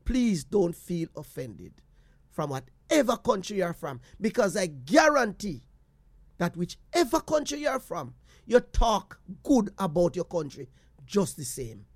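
A man with a Jamaican accent, telling a personal story to his viewers in an animated way, slipping into patois and repeating phrases. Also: high-pitched, unhurried, no room sound, clean studio sound.

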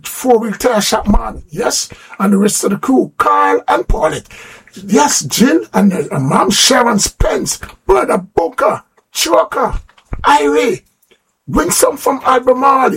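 A Jamaican man hosts a live stream and calls out listeners' names with lively warmth. His voice sits unusually high for a man and comes out husky and gravelly. His pitch swings up and down with energy. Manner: warm, lively greeting of listeners by name. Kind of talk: casual live stream shout-outs.

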